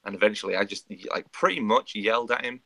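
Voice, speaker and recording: A man's voice: on the low side, fast, pushed and bright. A man co-hosting a podcast, telling a story in casual chat and acting out the quoted dialogue. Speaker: podcast co-host.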